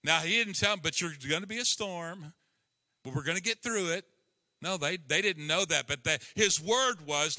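A middle-aged male pastor preaching a sermon, slow and emphatic, climbing to impassioned peaks. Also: on the high side, expressive, pushed and bright. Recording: long hall reverb.

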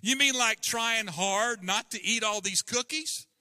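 A man's voice: sits high, unhurried, bright, forceful tone, no echo, studio quality, big-room sound, voice pushed up, full character voice. Man doing an eager cookie-loving toad. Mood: excited.

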